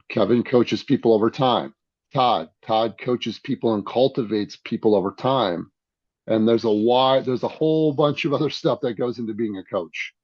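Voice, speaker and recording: A man coaching self-defense talks as a podcast guest. He lectures emphatically at a mid pitch and repeats lines to stress them. The sound is dry and close, with a slightly dull, lo-fi tone. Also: a little mellow, no room sound. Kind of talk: casual podcast conversation.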